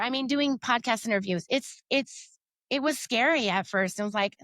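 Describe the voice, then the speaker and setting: A woman's voice: on the high side, moderate pace, a bit bright, no room sound. A woman guest on a faith podcast, talking earnestly and at length, full of "you know"s and quotes of her own thoughts. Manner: earnest, rambling with many fillers and self-quotes. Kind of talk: faith-based conversational interview.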